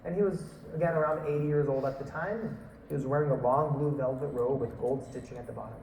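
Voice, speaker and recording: A man telling a story in a talk, lively, acting out what people said. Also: medium pitch, fast talker, echoey room, far from the mic, a little hiss or hum, low-quality recording. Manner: animated, acts out quotes and laughs. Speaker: speaker.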